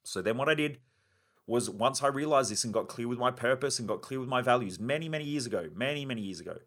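A man's voice: mid-range voice, animated, quick pace, fairly bright tone. A man hosting a self-help podcast, delivering a blunt, driven, emphatic monologue with casual swearing. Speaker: podcast host.

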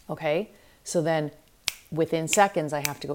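A middle-aged woman with a low voice hosts a solo self-help podcast. She talks candidly and reflectively as a life coach, and now and then acts out the voices in her head. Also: normal speed, long pauses, slight background noise.

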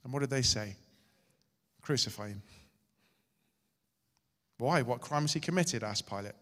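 Male pastor, sermon, dramatic swings from forceful to hushed, long hall reverb. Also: mid-range voice, lively intonation, fast. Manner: dramatic, shifting loud and soft.

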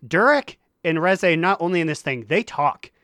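Animated man retelling, crisp dry voice. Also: on the high side, normal speed, no room sound. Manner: animated storytelling, acting out characters' lines. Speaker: podcast co-host. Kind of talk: casual gaming podcast chat.

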